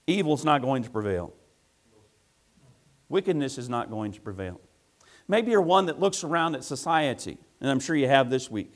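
A man preaching a sermon as pastor, building to loud emphatic peaks and asking rhetorical questions. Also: medium pitch, expressive, moderate pace, pauses often.

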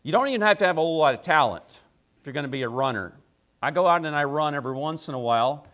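A male pastor preaches a sermon in a folksy, conversational way to his congregation, using emphatic repeated phrases and rhetorical questions. His voice is on the high side, expressive and fairly bright, and he talks fast.

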